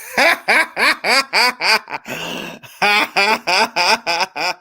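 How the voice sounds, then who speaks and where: A man's voice: sits high, lively intonation, drawn-out words, pushed and bright. A man on a boxing talk stream panel, making an emphatic argument. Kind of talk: casual live-stream chat.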